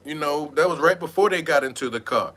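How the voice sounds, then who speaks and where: A man giving animated, mocking gossip commentary in a streetwise, slangy way. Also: fairly high pitch, brisk. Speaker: online commentator.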